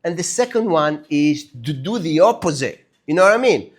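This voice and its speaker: A man from Algeria with a French-tinged mixed English accent, a podcast co-host telling stories in a casual, animated way and swearing casually. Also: fairly high pitch, moderate pace. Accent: French-influenced English, mixed British, Australian and American. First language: French and Arabic. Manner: animated storyteller, acts out quoted voices, swears casually. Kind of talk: casual chat.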